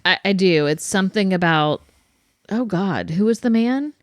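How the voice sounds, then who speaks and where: A woman co-hosting a casual chat podcast, easygoing and quick to laugh. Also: medium pitch, expressive, no room sound, clean studio sound. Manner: giggly, easygoing. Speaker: podcast co-host.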